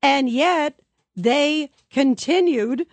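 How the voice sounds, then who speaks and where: Talk radio host, woman, high voice, emphatic and indignant, dry booth sound. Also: very slow, no echo. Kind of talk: talk radio, taking calls.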